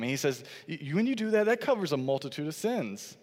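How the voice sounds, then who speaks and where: A man's voice: on the high side, big pitch swings, quick pace, few pauses, long reverb tail. A man preaching a sermon as pastor, earnest and repetitive, quoting scripture and building phrase on phrase.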